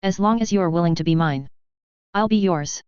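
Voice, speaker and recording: A woman's voice: on the low side, moderate pace, a little mellow, smooth, no room sound, natural voice. A woman voicing an earnest, wry young male lord who speaks dryly, on a dull lo-fi recording. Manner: dry, earnest.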